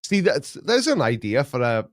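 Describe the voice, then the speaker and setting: A man's voice: medium pitch, sing-song, normal speed, no room sound, clean studio sound. A middle-aged man hosting a live stream, chatting casually and rambling between stories, chuckling at his own jokes.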